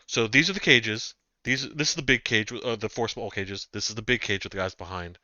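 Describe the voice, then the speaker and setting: A man's voice: on the low side, fairly quick, pushed and bright, no room sound. A man acting as game master, narrating actions and rulings in a casual way that includes some swearing. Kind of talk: running a tabletop game. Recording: slightly dull dry mic.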